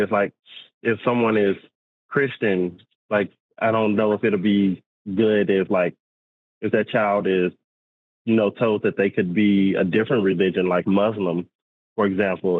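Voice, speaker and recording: A man calling in to a talk show, speaking in a hesitant, measured way. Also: low voice, dry recording. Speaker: caller. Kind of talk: casual discussion on a call. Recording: tinny phone line.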